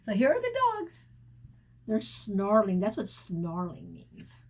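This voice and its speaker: Animated, breathy woman teacher reading aloud. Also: medium pitch. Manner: pauses to explain words to children; animated, sound effects and asides. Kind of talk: reading a picture book aloud to children.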